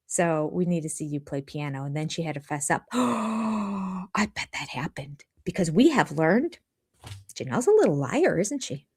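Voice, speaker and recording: A woman's voice: sits low, expressive, fairly quick, darkish tone. An older woman hosting a live chat from her home, rambling and jumping between topics. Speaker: channel host. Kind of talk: live chat reviewing a reality show. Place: home room.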